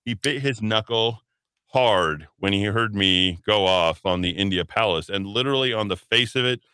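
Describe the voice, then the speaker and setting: A man's voice: on the low side, normal speed, bright, forceful tone, smooth, dry recording. Rambling man hosting talk radio. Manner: rambling, sardonic, many fillers and asides. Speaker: radio talk show host. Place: radio studio.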